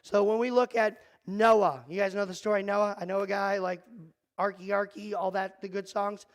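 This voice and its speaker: High-voiced joking man in a youth room. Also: flat delivery, normal speed, dry recording, rough recording. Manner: joking, self-deprecating, talks to the kids in the room. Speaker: youth pastor. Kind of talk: casual youth group talk. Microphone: handheld or headset mic.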